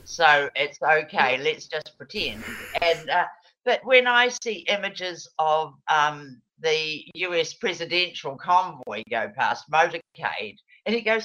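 A woman's voice: fairly low pitch, animated, measured pace, sharp tone, slight background noise, rough recording. A middle-aged woman, chatting in a rambling, digressive way with frequent laughs. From New Zealand. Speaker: guest, former radio presenter. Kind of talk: casual chat.

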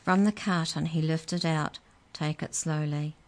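A woman reading a children's story aloud in a calm, measured way. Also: deep voice.

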